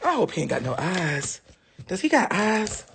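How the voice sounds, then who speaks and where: A man's voice: high-pitched, huge pitch swings, normal speed, creaky, background noise. A man chatting casually to his viewers on a phone livestream, talking straight to them as he goes.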